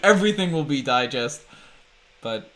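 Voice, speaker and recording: A man's voice: fairly high pitch, animated, normal speed, fairly bright tone. Chatty laughing podcast host man. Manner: chatty, laughing, hyping the channel. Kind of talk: casual livestream chat.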